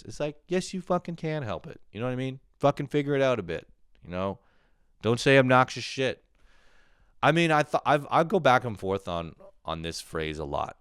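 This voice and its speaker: A man's voice: medium pitch, sing-song, brisk, a bit bright, smooth, no echo, clean studio sound. A young man delivering a casual comedic monologue, rambling and exasperated, swearing as he rants. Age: young adult. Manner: profane, rambling, exasperated ranting. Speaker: comedian podcast host.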